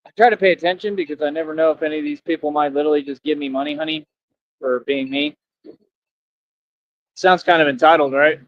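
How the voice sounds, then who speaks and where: A man's voice: a little high, steady tone, fast, long pauses. A man livestreaming outdoors near traffic, rambling and preachy, repeating himself as he asks viewers for donations. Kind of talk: casual rambling livestream talk. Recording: dull lo-fi stream audio.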